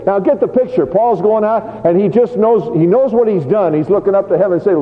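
A man preaching a sermon, telling a Bible story with lively, acted-out scenes. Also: sits high, brisk, few pauses. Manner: animated storytelling, acts out scenes. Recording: tinny phone-like sound in a reverberant hall.

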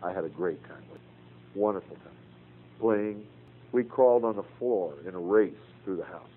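A man's voice: sits low, moderate pace. An older man teaching a Bible class, earnest and folksy, telling personal stories between scripture quotes. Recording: tinny phone-like radio broadcast with faint hum.

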